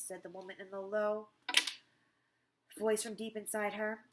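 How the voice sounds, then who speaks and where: A woman's voice: mid-range voice, steady tone, moderate pace, gravelly, a little hiss or hum. A woman teacher reading a chapter book aloud to students in a casual, chatty way, often correcting herself. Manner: chatty, with frequent self-corrections.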